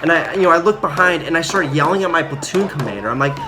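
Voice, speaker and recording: A man's voice: fairly high pitch, fast, hardly any pauses. Young man rambling through a war story. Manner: rambling, filler-heavy, acts out quotes loudly. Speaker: former Marine telling a story. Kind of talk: casual storytelling vlog. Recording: audible background noise.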